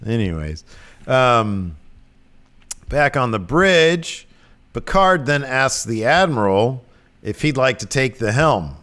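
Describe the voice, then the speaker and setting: This is a man co-hosting a podcast, talking at an ordinary middle pitch. He recaps the plot in a loose, meandering chat full of filler words. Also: big pitch swings, slow pace, fairly bright tone. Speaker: podcast co-host. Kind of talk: casual episode recap.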